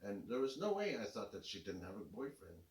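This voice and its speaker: A middle-aged man telling a rambling personal story in a relaxed, casual way. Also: lowish voice, fairly quick, far from the mic. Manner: laid-back, rambling with many fillers. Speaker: co-host telling his story. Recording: echoey room, voice a bit off-mic.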